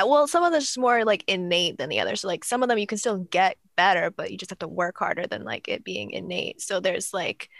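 An upbeat woman guest on a casual podcast, with mid-range pitch. She chats in slang and laughs a lot. The sound is close and dry. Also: a bit bright, no echo. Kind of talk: casual chat.

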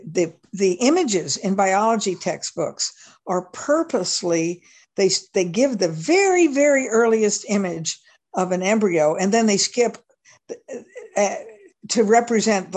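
A woman's voice: mid-range voice, darkish tone. Emphatic woman guest in discussion. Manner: earnest, emphatic, with restarts. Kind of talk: casual discussion.

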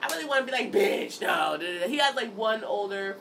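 Woman host, 30s, lively storyteller who swears a lot, recorded from a distance with hiss. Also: on the high side, fast. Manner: animated storytelling, acts out quotes, laughs often, swears freely. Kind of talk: casual chat. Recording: distant mic, noisy background.

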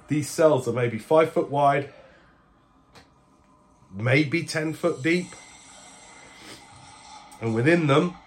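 A man narrating as the game master of a family tabletop game, describing scenes in a measured way. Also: mid-range voice, a little hiss or hum.

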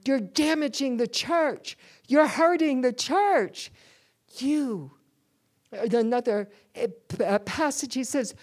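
A woman's voice: high-pitched, a little mellow. A woman preaching a sermon in church, calling on the congregation to answer back. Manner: call-and-response preaching to a congregation.

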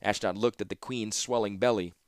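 A man reading fantasy fiction aloud as an audiobook narrator, in steady, measured storytelling. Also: fairly low pitch, smooth, no echo, clean studio sound.

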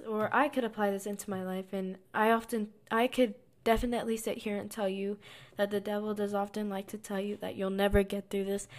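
A woman speaks in a relaxed, personal vlog about her faith. Her voice sits at an ordinary middle pitch, and she talks earnestly, circling back and repeating phrases to stress a point. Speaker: vlogger sharing a faith reflection. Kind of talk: casual devotional talk.

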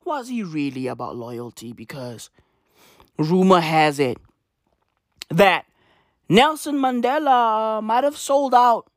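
A young man delivering a comedic rant, animated and slangy, swearing and repeating his punchlines. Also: high voice, no echo, studio quality. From South Africa. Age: young adult.

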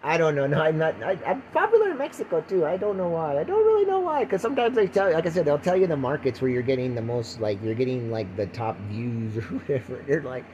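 Lively, rambling older man podcaster. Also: on the high side, quick pace, few pauses, dull audio, a little hiss or hum. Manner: goofy, rambling, laughs often, drops into silly voices. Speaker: podcast host. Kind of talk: rambling comic monologue.

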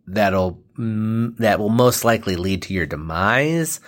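A man's voice: fairly low pitch, unhurried, hardly any pauses, fairly bright tone. A young man hosting a comedy podcast, rambling and joking with lots of fillers. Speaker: podcast host. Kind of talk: casual comedy podcast chat.

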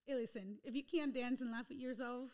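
A woman's voice: a little high, fairly even intonation, fairly quick, darkish tone. A woman chatting casually and laughing as she tells a story during a trivia game with a friend.

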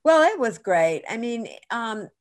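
A middle-aged woman guest in an interview, telling chatty, animated anecdotes with frequent restarts. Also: on the high side, measured pace. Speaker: actress guest. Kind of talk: casual interview storytelling.

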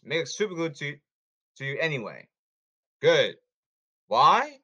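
Animated, hectoring male sports podcaster. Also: on the high side. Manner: blunt, hectoring, repeats himself. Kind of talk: casual sports commentary monologue.

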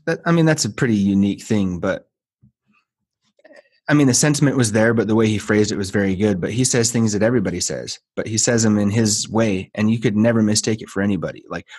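A man with a fairly low voice hosts a podcast and talks in an earnest way. He leans on repetition to drive a point home. The tone is emphatic and sincere throughout. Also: fast talker, a little mellow, breathy edge. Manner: earnest, emphatic, repeats phrases to build a point. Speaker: podcast host. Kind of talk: casual podcast conversation.

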